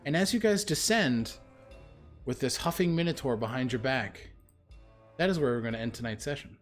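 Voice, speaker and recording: A man running a tabletop role-playing game as game master, casual and swearing when excited. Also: mid-range voice, moderate pace, soft background music.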